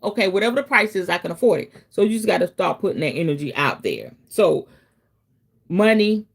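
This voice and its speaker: A woman hosting a casual teaching stream, talking straight to her viewers in a chatty way and breaking into dramatic, animated asides. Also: on the low side, fairly quick, gravelly, breathy edge. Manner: chatty, addresses viewers directly. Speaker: host, spiritual teacher.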